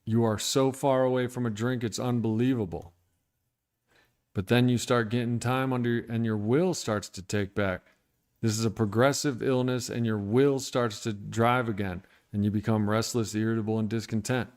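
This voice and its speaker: A man's voice: mid-range voice, steady tone, moderate pace, darkish tone. A man talking candidly and bluntly about his recovery on a livestream, irritated and venting with profanity. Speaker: recovery streamer.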